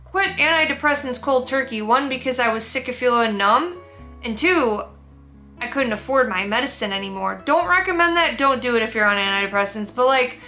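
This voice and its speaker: Young woman, high voice, teary and candid, rambling sit-down storytelling, faint music underneath. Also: animated, brisk, sharp tone. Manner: candid, emotional, rambling with restarts. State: teary, emotional. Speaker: vlogger.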